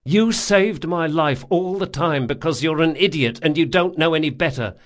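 A man's voice: a little high, fairly bright tone, pitched above the performer's own voice, natural voice. A man doing Locke, a wry, sardonic young thief. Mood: tender wry. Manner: wry, quick-witted retorts. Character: wily young male thief, sardonic and stubborn. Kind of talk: audiobook character voice.

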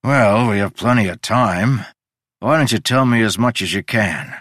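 A man plays a drunken braggart sprawled on the floor, his voice raised and rough. He blusters and slurs in a low, dry audiobook read. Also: moderate pace, dry recording. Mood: weary curious. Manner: slurring, loud, blustering. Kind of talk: audiobook character reading.

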